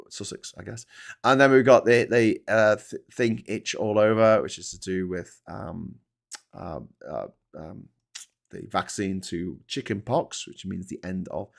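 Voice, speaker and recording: A man's voice: fairly low pitch, vocal fry. A man from England hosting a casual live chat on his small YouTube channel, reading headlines and viewer comments aloud with rambling asides and frequent swearing. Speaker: YouTube host.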